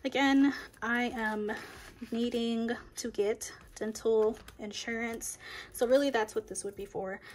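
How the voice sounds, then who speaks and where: A woman's voice: a little high, steady tone, measured pace, slight background noise. A young woman, chatting casually while counting cash for her budget. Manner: counting bills aloud, chatty and upbeat. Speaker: budgeting vlogger. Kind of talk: casual cash-stuffing chat.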